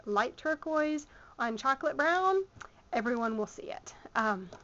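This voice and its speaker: Southern woman, sewing teacher, chatty with ums, slightly high voice, muffled lo-fi camera audio. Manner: chatty, many ums, talks while working. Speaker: sewing instructor. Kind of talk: hands-on sewing tutorial. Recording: muffled lo-fi home video sound.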